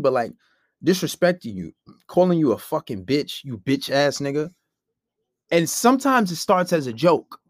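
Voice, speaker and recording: A man's voice: medium pitch, darkish tone, dry recording, clean studio sound. A man, giving blunt, profane dating advice in a casual monologue and acting out both sides of arguments.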